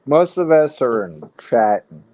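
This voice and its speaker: A man's voice: medium pitch, very animated, unhurried, darkish tone. A man chatting on a casual live stream, laid-back and teasing.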